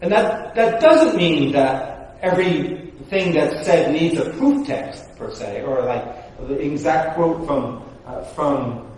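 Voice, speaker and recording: A man's voice: on the high side, lively intonation, takes it slowly, darkish tone. A man preaching a sermon in a church in a conversational way, with many restarts and rhetorical questions to the congregation. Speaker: pastor. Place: church sanctuary. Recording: very echoey room from far off.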